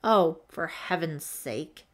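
A woman voicing an impatient, bossy teenage girl counselor who scolds in a brisk, disgusted way. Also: medium pitch, lightly acted.

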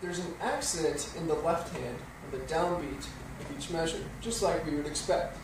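A man whose voice is on the high side teaches piano at a normal speed, counting beats aloud and patiently covering rhythm. The spacious studio is picked up by a distant mic, and alongside the piano there's a noisy background.

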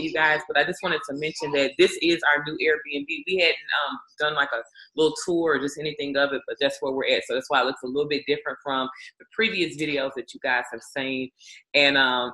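Chatty woman with a bright voice. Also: low voice, poor audio. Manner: chatty, many fillers, agreeing murmurs. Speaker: co-host of a family channel. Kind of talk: casual chat. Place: indoors at a rented home.

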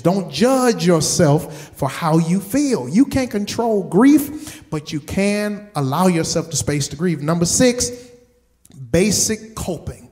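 High-voiced man preaching with emphatic repetition. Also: darkish tone. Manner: emphatic, repeats words for stress; asks the congregation direct questions. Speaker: pastor. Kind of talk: sermon.

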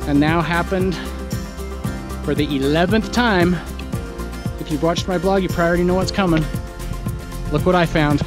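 A man's voice: a little high, normal speed, pauses often, over music, poor audio. A man hiking a long trail, talking to his vlog camera outdoors in a casual, enthusiastic, exclamatory way. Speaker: hiker vlogger.

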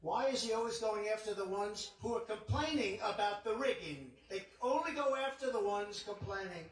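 A man delivers a campaign rally speech in a large indoor arena, repeating his points with emphasis and drifting into asides. His voice sits fairly high and booms with the hall's echo. The mic is some distance off, with faint noise behind him. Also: normal speed. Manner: repetitive, emphatic, rambling asides. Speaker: political candidate.

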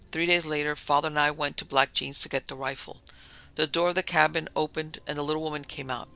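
Male narrator, fairly high, very bright tone with gravelly fry; first-person storytelling with lightly voiced dialogue. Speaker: podcast narrator. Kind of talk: scripted narration of a vintage tale.

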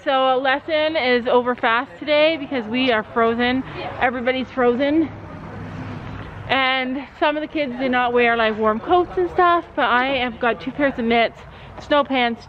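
Middle-aged mom vlogger, chatty and a bit bossy, higher voice, dull lo-fi camera sound. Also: female voice. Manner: chatty, thinks aloud, bossy bursts when laying down rules. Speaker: family vlogger. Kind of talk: casual vlog chat. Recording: dull lo-fi camera audio with faint noise.

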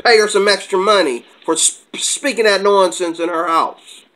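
Guy ranting on his channel, kinda high voice, fired up and argumentative. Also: moderate pace, a bit bright, low-quality recording. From America. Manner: agitated, combative, jumps between topics. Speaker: channel host. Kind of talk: heated vlog rant.

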